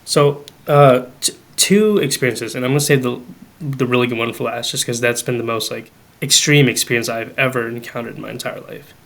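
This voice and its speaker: A young man, guesting on a podcast, recounts a family ghost tale casually in a gravelly, mid-range voice that runs a little fast. Animated throughout, he performs the dialogue he quotes and fills gaps with "like" and "um."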